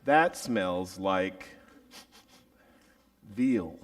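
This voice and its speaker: A male preacher tells a story in a slow, theatrical sermon. His lively voice rises and falls widely, and he punctuates the story with sound effects. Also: deep voice, distant mic.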